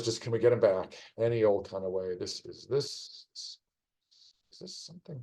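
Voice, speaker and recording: A man's voice: fairly low pitch, expressive, moderate pace, dark tone, rough recording. A man casually commenting on a live stream as he solves a crossword, rambling through clues with wry asides. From United States.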